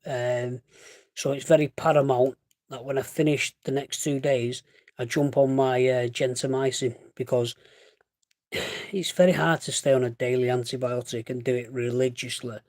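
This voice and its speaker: A man's voice: mid-range voice, flat delivery, moderate pace, darkish tone, no echo, studio quality. A young man chatting casually, stopping now and then for a chesty cough and often calling the listener "mate". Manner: chatty, rambling, self-correcting, says "mate" often. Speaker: vlogger. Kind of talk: casual chat.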